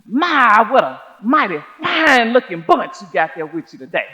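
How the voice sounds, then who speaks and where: An actress voicing a friendly judge who speaks in a cordial, easygoing way. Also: female voice, mid-range voice, sing-song, normal speed, pushed and bright. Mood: genial. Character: friendly, genial older Southern judge.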